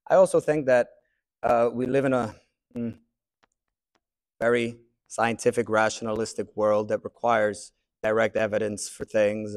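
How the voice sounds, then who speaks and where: A man teaching a class, thinking aloud in a reflective way with pauses. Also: on the low side. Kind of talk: classroom discussion.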